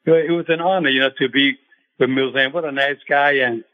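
An older man, a retired boxing referee, speaking as a radio show guest and recalling things in a halting way with many fillers and restarts. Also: medium pitch, fairly even intonation. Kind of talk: phone-in radio interview. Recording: tinny phone line.

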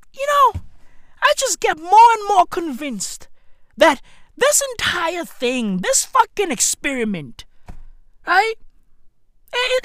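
A woman's voice: on the high side, a bit bright, dry recording, studio quality. A woman delivering a profane, slang-heavy rant full of rhetorical questions. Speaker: commentator.

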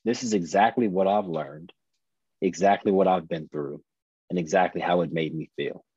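A man's voice: low voice, warm tone, slightly rough, dry recording, lo-fi sound. A man in his thirties, a podcast guest, telling a personal story earnestly and candidly, often restarting and repeating his phrases. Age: 30s.

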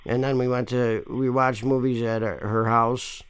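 A man's voice: mid-range voice, level tone, normal speed, clear, resonant tone. A man making a prank call to a store, rambling, pushy and swearing often. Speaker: caller complaining to a store.

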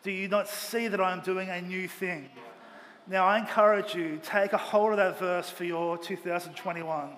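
A pastor preaching a Sunday sermon with earnest, emphatic delivery, speaking in a church auditorium. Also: male voice, sits high, steady tone, normal speed, fairly bright tone. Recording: long hall reverb, faint ambient noise.

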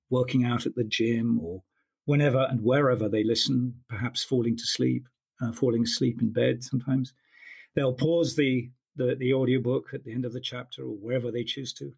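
A man's voice: mid-range voice, creaky, husky. A man who works as an audiobook narrator, talking thoughtfully in an interview with frequent restarts. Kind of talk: interview conversation.

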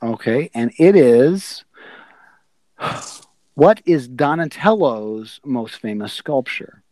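Guy hosting a trivia podcast, reads questions slow and halting, laughs a lot, dry close mic. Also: mid-range voice, expressive, warm tone, dry recording. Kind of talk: casual podcast quiz hosting.

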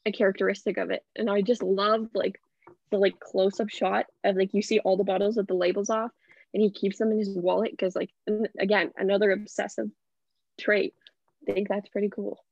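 A woman's voice: medium pitch, little pitch movement, brisk, gravelly, darkish tone, no room sound, muffled recording. A young woman co-hosting a casual movie podcast, rambling with lots of "like". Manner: rambling, heavy use of "like".

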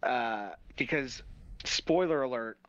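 A man's voice: medium pitch, takes it slowly, fairly bright tone, no echo. A man co-hosting a podcast, telling stories animatedly in casual review chat and swearing freely. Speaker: podcast co-host. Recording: slightly dull, dry sound.

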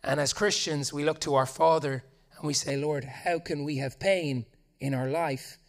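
Male pastor, slightly high voice, animated, funny storytelling sermon. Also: moderate pace. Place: church in front of a congregation.

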